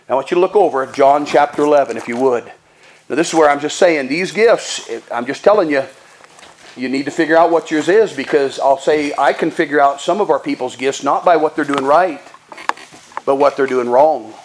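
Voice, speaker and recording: A man's voice: fairly high pitch, a little fast, slight background noise. A male pastor preaching a sermon in a folksy, emphatic, conversational way.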